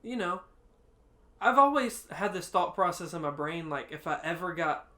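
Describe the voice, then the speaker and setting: A man co-hosting a podcast, telling a story in casual chat, laughing often and acting out quotes loudly. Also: high voice, lively intonation, normal speed. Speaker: podcast co-host.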